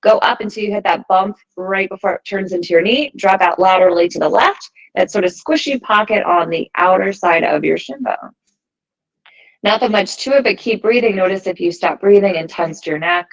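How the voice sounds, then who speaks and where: Female yoga instructor, mid-pitched, calm and encouraging, cueing each breath and stretch. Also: normal speed, rough recording. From United States. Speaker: yoga teacher. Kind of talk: guided yoga class instruction.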